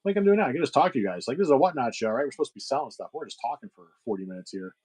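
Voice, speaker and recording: A man's voice: mid-range voice, expressive, racing, a little mellow, husky, low-quality recording. A middle-aged man hosting a livestream sale, chatting casually with viewers, rambling with lots of fillers and restarts. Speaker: livestream seller host.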